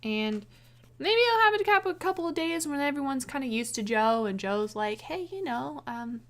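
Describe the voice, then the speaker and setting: A woman rambling casually about how she would rewrite a film, sarcastic, with quick restarts. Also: high voice, expressive, a bit bright. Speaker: video essayist.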